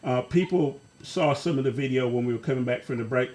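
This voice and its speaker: A man hosting a talk show, introducing segments and a guest in a relaxed way. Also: mid-range voice, fairly quick. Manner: relaxed, with fillers and restarts. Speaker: host.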